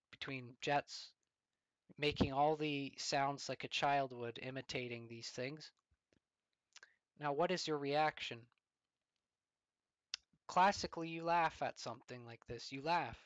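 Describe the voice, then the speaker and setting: A man giving a storytelling commentary, deliberate and fond of rhetorical questions. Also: medium pitch, a bit bright, smooth, no room sound, low-quality recording.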